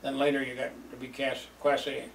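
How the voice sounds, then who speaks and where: Delivered flat and fairly quick, this mid-range, creaky voice belongs to an older storyteller recalling his youth. He rambles, chuckles and uses a lot of fillers in an oral-history way. A distant mic in a roomy space brings faint ambience and a little hiss or hum.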